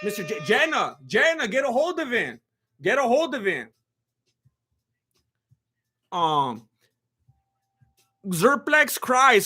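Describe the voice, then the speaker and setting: A man hosting a live fight watch-along, firing excited, incredulous questions at his chat. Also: high voice. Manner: talks to the chat with rapid questions. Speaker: livestream host reacting to fights.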